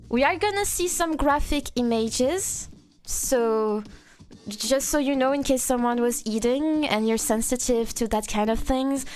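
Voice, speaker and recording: A woman from France with a French accent, chatting playfully with her live-stream audience and answering chat. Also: high voice.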